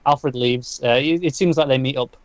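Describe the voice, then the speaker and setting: A man's voice: mid-range voice, normal speed, no echo. Man recapping comics in dull lo-fi sound. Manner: rambling recap with frequent restarts and fillers. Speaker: podcast co-host. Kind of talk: casual comic book review chat.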